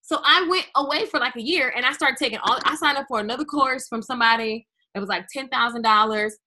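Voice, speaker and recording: A woman hosting a business webinar, speaking in an energetic, chatty way straight to her viewers. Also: high voice, fast talker, slight background noise. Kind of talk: live webinar talk.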